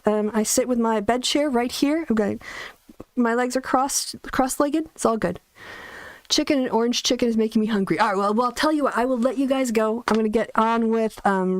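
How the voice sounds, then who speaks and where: Sitting on her bed in a dry, soundproofed bedroom, a chatty woman rambles and laughs often during a casual livestream, using a soundproofed desk mic. Her voice is slightly high, with no echo.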